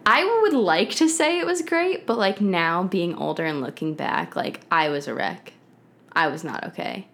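A woman in her twenties talks as a podcast guest, her voice sitting noticeably low. She tells her story in a loose, chatty way, scattering "like" and "um" through every sentence. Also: lively intonation, moderate pace, fairly bright tone. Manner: chatty, heavy use of "like" and "um". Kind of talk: casual storytelling interview.

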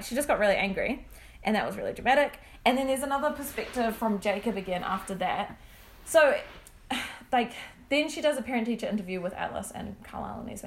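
A young woman in casual chat, eagerly retelling a story full of "like" and acted-out quotes. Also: fairly high pitch. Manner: chatty, filler-heavy, acts out quotes. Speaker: friend recapping a story.

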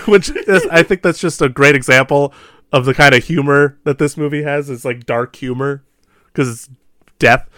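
An animated man in casual podcast chat, talking quickly in a mid-range voice and laughing often. The sound is close and dry. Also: fairly high pitch, dry recording. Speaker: podcast co-host. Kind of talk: casual movie discussion.

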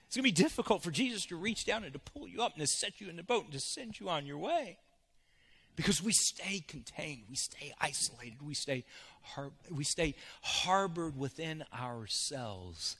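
A male pastor preaching a sermon in a church, shifting from hushed to loud. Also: fairly high pitch, big pitch swings, moderate pace, slightly rough.

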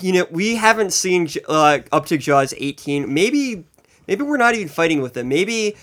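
A man's voice: fairly high pitch, a bit bright. A man co-hosting a casual podcast chat, arguing earnestly as a playful devil's advocate. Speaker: podcast co-host.

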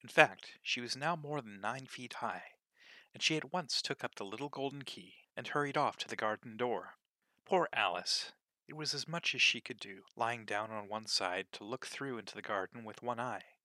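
Man reading a storybook aloud, very bright tone, dry close sound, expressive and measured. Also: medium pitch, no echo. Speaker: narrator.

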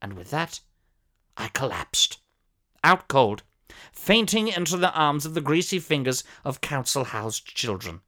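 A man's voice: a little high, very animated, a little slow, sharp tone, full character voice. A man voicing a pompous elderly former soap actor, telling a fussy, theatrical comic story. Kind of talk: comic character monologue.

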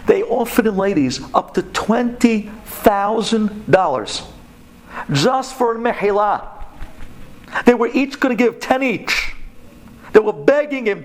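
A man with a fairly high voice preaches to a room of women in sermon-style storytelling. He is animated and emphatic, jumping sharply up in pitch and dropping low again. His delivery is lively and expressive. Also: a little slow, slight background noise. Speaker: speaker giving a religious talk to women.

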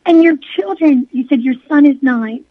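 A woman's voice: high voice, normal speed, no echo. A woman interview host who asks questions and offers earnest reflections in long flowing sentences. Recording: dry phone-like line.

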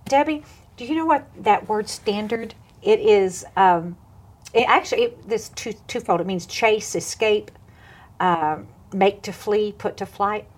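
A woman, a minister on television and radio, chatting on a Christian talk show and telling stories with lively voices and frequent laughter. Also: mid-range voice, a little slow. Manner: animated storyteller, laughs often, acts out voices.

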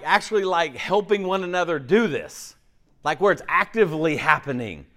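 Male pastor, slightly higher voice, chatty sermon delivery, acts out quick voices, keeps checking in with the congregation. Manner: conversational, animated, acts out voices, frequent "okay?" and "right?".

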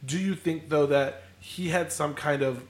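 A man's voice: on the high side, a little slow. A young man co-hosting a podcast, talking casually and explaining his points at length. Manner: conversational, explanatory. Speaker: podcast co-host. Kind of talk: casual chat.

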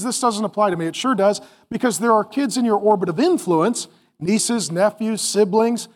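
A middle-aged man preaching a sermon to parents, animated and acting out family scenes, then dropping to a soft calm voice. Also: extremely high pitch. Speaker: pastor.

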